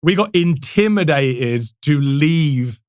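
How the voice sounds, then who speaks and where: A man who works in sales, telling a story in a casual, animated way and laughing often. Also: fairly high pitch, slow, clear, resonant tone, dry recording, studio quality. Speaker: guest salesperson.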